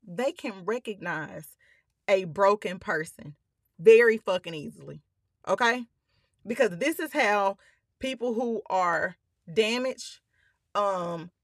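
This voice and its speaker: Woman, slow and deliberate, bright tense voice, emphatic, close dry recording, fighting tears. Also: mid-range voice, no room sound. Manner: emphatic, addresses listeners as y'all, frequent swearing. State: holding back tears. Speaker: podcast host. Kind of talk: personal storytelling monologue.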